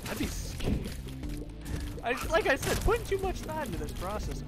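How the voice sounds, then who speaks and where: A man's voice: high voice, big pitch swings, normal speed. A young man giving goofy, rambling let's-play commentary, talking back to the game. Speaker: gaming video host. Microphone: desk microphone. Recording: music playing under the voice.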